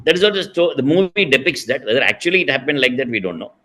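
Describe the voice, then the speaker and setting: A man's voice: medium pitch, animated, fast, bright, forceful tone. A middle-aged man with an Indian accent telling and explaining a devotional story, digressing often with fillers and restarts. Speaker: spiritual speaker.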